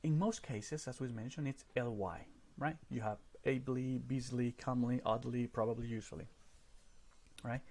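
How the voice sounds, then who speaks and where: A man's voice: medium pitch, fairly even intonation, moderate pace, a little mellow. A man teaching a recorded grammar lesson over slides, explaining step by step and often checking in with "right?".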